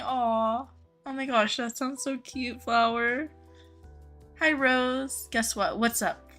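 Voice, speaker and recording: A woman's voice: a little high, pushed and bright. A young woman live-streaming a game, chatting casually with viewers, greeting them by name and gushing over cute things.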